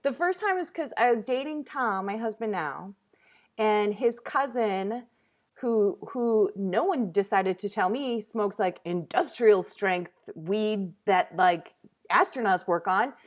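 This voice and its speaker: A woman in her thirties hosting a comedy talk show, telling a story in an animated, laughing, casual way. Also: mid-range voice, slow pace.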